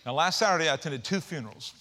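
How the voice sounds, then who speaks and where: A man preaching a sermon as pastor, animated, with folksy asides and rising emphasis. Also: fairly high pitch, very fast, background noise.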